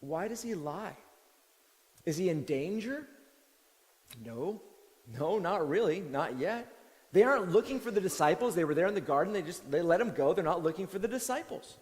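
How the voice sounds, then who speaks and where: A male pastor delivers a sermon in a loose, conversational way, often restarting his sentences. His voice sits high for a man. The sound carries the long reverb of a church hall. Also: normal speed. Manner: conversational, animated, with many restarts.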